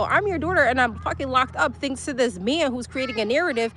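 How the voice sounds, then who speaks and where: A woman's voice: high-pitched, fairly quick, a bit bright, slight background noise. A young woman, venting angrily in a profane, emotional personal vlog. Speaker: livestream host.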